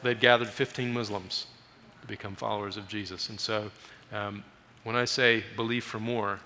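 A man preaches a guest sermon, telling stories with animation and pushing his voice up for emphasis. His tone is bright and forward. The sound rings with a long church reverb, and there is faint room noise behind him. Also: lowish voice, normal speed. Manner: animated storytelling, raises voice for emphasis. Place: church sanctuary.

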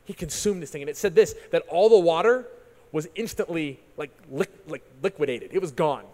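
A man preaching a sermon, retelling a story in an animated way and often repeating words as he restarts. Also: a little high, brisk. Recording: long reverb of a large hall.

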